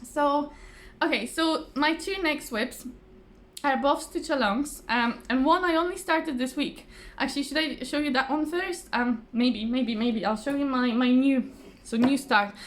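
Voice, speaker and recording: A woman with a high, unhurried, slightly tired voice chats casually to camera about her craft projects, rambling with fillers and restarts and laughing often. She's a craft vlogger sitting at a table at home, recorded by a phone or camera resting on the table.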